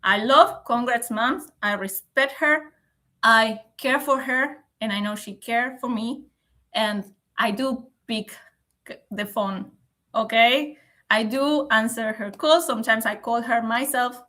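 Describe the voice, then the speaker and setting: A woman chatting on a live stream, close to tears but steady. She speaks very slowly in a bright, slightly high voice and keeps checking in with the viewers. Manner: emotional, measured, often tags sentences with "okay?". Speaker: livestream host. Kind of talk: casual live stream chat, answering comments.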